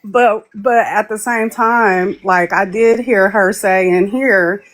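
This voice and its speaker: Here a woman guesting on a live stream relates a long story in a relaxed, conversational way. She laughs throughout and imitates the people she's quoting, her mid-range voice moving at a slow pace.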